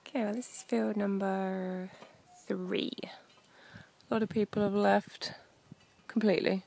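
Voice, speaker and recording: A woman with a gravelly, creaky edge to her voice talks slowly and chattily as she digs in an open field. She gets excited over her finds, then sinks into hushed, breathy whispers. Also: medium pitch. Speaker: metal detecting vlogger. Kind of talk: casual outdoor commentary. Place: open farm field outdoors.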